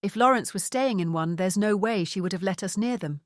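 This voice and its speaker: A woman voicing a calm, dry-witted male private investigator. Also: high-pitched, fairly quick, no echo, lightly acted.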